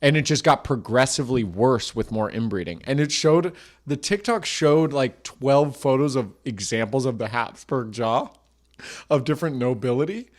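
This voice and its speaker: A male podcast co-host chatting casually in a voice of ordinary pitch. He rambles through a story with loose fillers. He laughs in the middle of his own sentences. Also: expressive, moderate pace.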